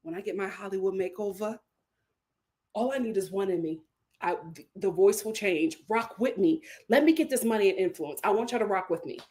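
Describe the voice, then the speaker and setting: A woman hosting a casual livestream, reading viewer comments aloud, laughing often and bursting into loud outbursts. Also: medium pitch, brisk. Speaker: livestream host reading super chats.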